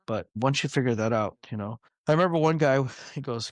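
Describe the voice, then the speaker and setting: A man, a martial arts coach, guest on a podcast, telling stories in a loose, energetic way, swearing casually and acting out what people said. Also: mid-range voice, fairly quick, hardly any pauses, dry recording, clean studio sound. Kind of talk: casual storytelling interview.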